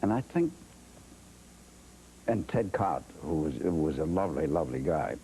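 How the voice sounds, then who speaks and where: A man's voice: extremely low pitch, expressive, moderate pace, mellow, slight background noise, low-quality recording. An older man, a guest in a TV interview, telling stories about himself in a wry, self-deprecating way and acting out what others said. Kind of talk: anecdotal storytelling in a TV interview.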